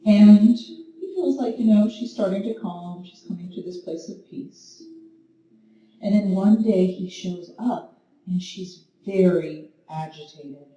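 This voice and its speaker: A woman yoga teacher talks a class through poses, weaving a story between calm, gentle cues. Her voice is mellow and dark, and she takes her time. The recording is very roomy and picked up from a distance. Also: medium pitch, takes it slowly, lo-fi sound. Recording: very echoey room, mic at a distance, faint noise.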